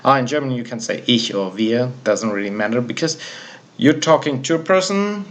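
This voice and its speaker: A man teaching a German grammar lesson in English, reading out German example sentences and talking informally to the learner. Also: medium pitch. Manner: relaxed, switches between English explanation and German example sentences; informal, self-correcting, talks to the learner directly. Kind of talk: casual spoken grammar lesson.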